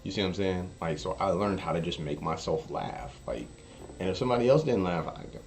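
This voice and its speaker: Deep, animated man chatting on stream. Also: fairly quick, vocal fry. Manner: animated storyteller, acts out quotes in high voices. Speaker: poker streamer. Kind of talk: casual chat while streaming. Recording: faint music behind. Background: faint music.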